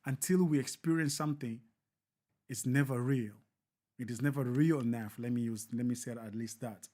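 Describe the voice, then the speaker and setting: A man's voice: mid-range voice, normal speed, dark tone. A man hosting a live show, giving emphatic, repetitive, preacher-like commentary.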